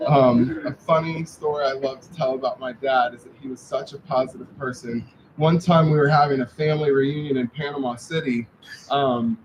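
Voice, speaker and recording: A man's voice: on the high side, a little hiss or hum, poor audio. A man giving a eulogy for his father, telling family stories with light humor. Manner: warm anecdotal storytelling with light humor. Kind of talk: memorial speech, storytelling. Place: memorial service venue.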